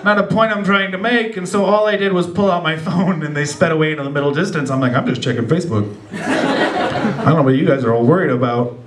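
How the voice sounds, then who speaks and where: Young guy doing standup, highish voice, roomy club sound, crowd laughing. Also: noisy background. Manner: laid-back storytelling, puts on quick character voices. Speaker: stand-up comedian. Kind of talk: stand-up set. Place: small club with a live audience.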